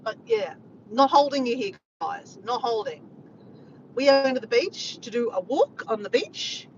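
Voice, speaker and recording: A woman's voice: on the high side, normal speed, muffled recording, slight background noise. Chatty Australian woman vlogging from her car. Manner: chatty and animated, talks while driving. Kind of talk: casual chat to a live chat. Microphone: phone camera.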